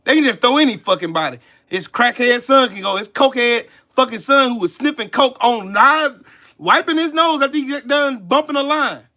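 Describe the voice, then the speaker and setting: A man ranting on a livestream. His voice sits very high and swings widely in pitch. He is heated and profane, lashing out at his viewers between sighs and mutters. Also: expressive, normal speed, pushed and bright. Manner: heated, profane, scolding the chat. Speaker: channel host. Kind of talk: livestream commentary rant.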